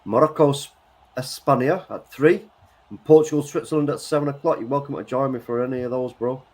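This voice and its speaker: A man chatting casually through a live football match, relaxed and a bit hesitant. His speech is loose and full of fillers, and he now and then calls his friend "bro". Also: medium pitch, a little fast. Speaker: co-host of football watchalong.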